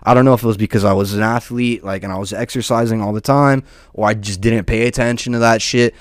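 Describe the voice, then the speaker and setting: A man's voice: fairly low pitch, steady tone, quick pace, no echo. Profane rambling young guy, dry sound. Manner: loose and profane, lots of "dude" and "man". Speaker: podcast host. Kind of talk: casual rambling monologue.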